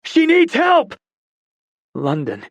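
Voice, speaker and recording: A man's voice: mid-range voice, moderate pace, husky, no echo. A man voicing a desperate young man. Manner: desperate, pleading, swinging from shouts to whispers. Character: young man frantic over his injured love.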